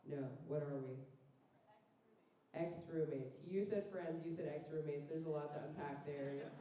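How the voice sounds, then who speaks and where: Here a Phoenix comedian in her 30s riffs with the audience in a self-deprecating, conversational stand-up routine. She speaks low and unhurried, her intonation fairly even, with background noise present. Sound comes from a far-off mic in a roomy club.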